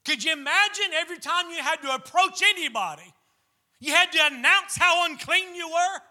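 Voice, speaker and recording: A male pastor delivers a fervent sermon. His voice sits very high and rings sharp and bright. He climbs into shouted peaks as he presses his point. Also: normal speed. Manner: fervent preaching, rising to shouts.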